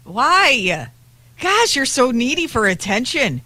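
Female radio co-host, higher voice, teasing and quick, lively delivery, dry studio. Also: no room sound. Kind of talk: casual morning radio banter.

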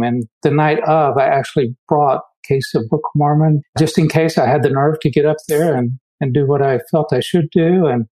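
A man's voice: a little high, warm tone, poor audio. A man from the United States telling personal stories in an earnest, reflective way, often restarting his sentences. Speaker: guest speaker. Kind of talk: personal storytelling.

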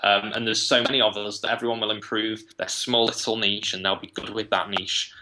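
A man with an English accent, a guest talking in a casual interview, thinking aloud with quick restarts. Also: lowish voice, flat delivery, noisy background. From England. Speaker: guest, web agency founder.

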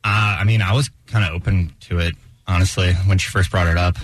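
A man's voice: low voice, steady tone, brisk, slightly rough, dry recording. A young man, an intern, hesitantly explaining himself on a radio show with lots of fillers. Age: young adult. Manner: hesitant, lots of likes and uhs. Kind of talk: casual on-air chat.

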